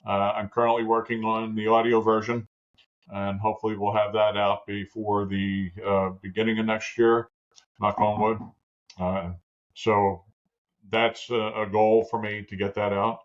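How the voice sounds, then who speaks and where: A man's voice: on the low side, level tone, unhurried. An older man, a podcast guest and author, talking plainly with many fillers. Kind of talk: casual interview talk. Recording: dull lo-fi audio.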